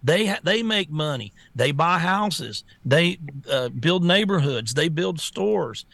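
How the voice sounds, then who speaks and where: Gravelly blunt-talking male talk host. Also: on the high side, takes it slowly, no room sound. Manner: blunt, repetitive restarts, animated rants. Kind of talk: political talk show chat.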